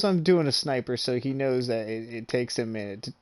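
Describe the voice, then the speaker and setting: A young man in relaxed, casual chat, retelling a gaming story with plenty of swearing and frequent laughter. His voice sits at an ordinary middle pitch, and the sound is close and dry, with no room echo. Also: brisk. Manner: animated, swears freely, laughs often. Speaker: gaming streamer.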